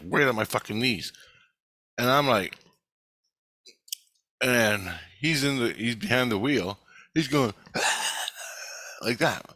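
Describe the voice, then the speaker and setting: A man telling a dream in casual, profane storytelling, swearing constantly and getting animated as he retells it. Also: lowish voice, dry recording.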